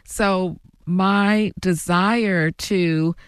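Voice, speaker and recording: Slow, reflective woman interview guest. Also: on the low side, steady tone, clear, resonant tone, no echo, clean studio sound. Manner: slow, reflective, laughs softly between thoughts. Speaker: guest, author. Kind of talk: interview, personal storytelling.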